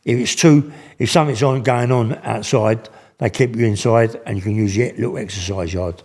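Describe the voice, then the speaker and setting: A man's voice: fairly low pitch, normal speed, darkish tone. An older man, telling stories in casual, slangy speech with many restarts. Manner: rambling, slangy, full of restarts. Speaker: guest. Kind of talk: casual storytelling.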